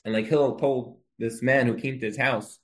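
A man's voice: mid-range voice, fairly even intonation, moderate pace. A man giving an earnest religious talk, telling a story and asking rhetorical questions with rising intensity. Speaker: speaker giving a moral talk.

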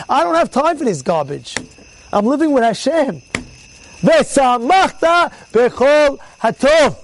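A man with a notably high voice leads an informal Torah class as a rabbi. He talks in a lively, storytelling way, repeating words for emphasis and loudly acting out the people in his stories. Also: fairly quick, no room sound, low-quality recording.

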